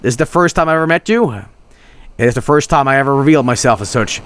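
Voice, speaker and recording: A man voicing Death, a solemn grim male spirit, in a text adventure game, speaking in slow archaic phrases. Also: medium pitch, fairly bright tone, clear, resonant tone, close to an everyday voice.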